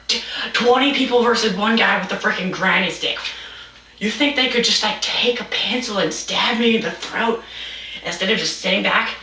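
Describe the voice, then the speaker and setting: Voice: medium pitch, sharp tone, a little hiss or hum. A young stand-up comedian telling a rambling, absurd story, stumbling and restarting, saying "like" often, recorded in a roomy space from a distant mic.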